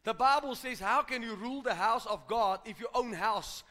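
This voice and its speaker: A very high-pitched, sharp-toned pastor preaches at a moderate pace, his words echoing through the church hall. He hammers points home through repetition and calls out to the congregation.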